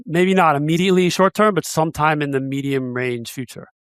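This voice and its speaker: A man's voice: on the high side, a little fast, a bit bright, clear, resonant tone, dry recording, clean studio sound. A middle-aged man as an interview guest, speaking hesitantly and often restarting his sentences. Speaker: guest analyst. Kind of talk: casual interview chat.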